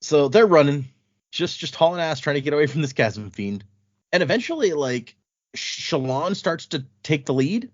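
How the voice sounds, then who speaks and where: Man, podcast co-host, casual book chat, lively playful pitch, dry dull recording. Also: moderate pace, no echo. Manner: animated, quotes characters in playful voices. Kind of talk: casual book discussion, retelling scenes. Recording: dry, muffled lo-fi audio.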